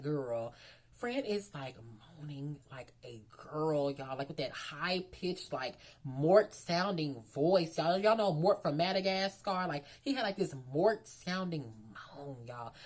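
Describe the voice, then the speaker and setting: Chatty young woman, lively voice. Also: sits low. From Memphis, Tennessee. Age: 20s. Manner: chatty, frank, heavy fillers. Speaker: vlogger. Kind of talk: storytime chat.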